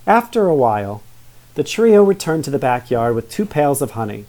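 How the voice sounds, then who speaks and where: Mellow-voiced man reading to children. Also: mid-range voice, very animated, moderate pace. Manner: chatty asides to young listeners. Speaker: storybook reader. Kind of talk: reading a children's story aloud.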